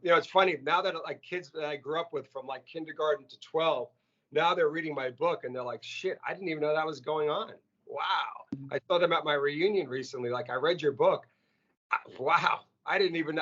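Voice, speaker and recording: A man being interviewed as a restaurant chief, telling stories in a lively, casual way and often repeating words. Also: fairly high pitch, fairly quick. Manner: animated, repeats words when excited. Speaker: restaurant CEO, interview guest. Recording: muffled lo-fi audio.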